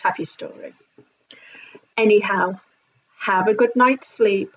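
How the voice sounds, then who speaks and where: A woman vlogger telling a story in an animated, indignant way, swearing freely. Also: medium pitch. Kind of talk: casual storytime vlog. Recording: slightly dull lo-fi sound.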